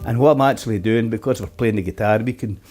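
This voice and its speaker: A man's voice: fairly low pitch, fast talker. A middle-aged man giving a casual guitar lesson at home, chatting loosely and counting beats aloud. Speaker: guitar teacher. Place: apartment. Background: guitar playing.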